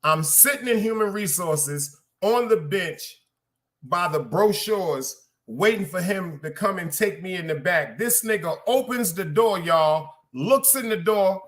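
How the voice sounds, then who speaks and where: Animated storytelling New man. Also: high voice, a little slow. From Brooklyn, New York. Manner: animated, profane, repeats lines for emphasis, addresses listeners directly. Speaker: podcast host. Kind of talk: casual storytelling rant.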